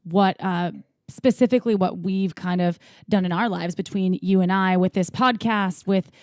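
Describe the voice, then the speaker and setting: A woman's voice: medium pitch, steady tone, moderate pace, a little mellow. A woman co-hosts a podcast with chatty, jokey talk and easy laughter. Her voice sits mid-range for a woman. It is recorded dry and close, with no room echo. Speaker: podcast co-host. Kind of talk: casual chat.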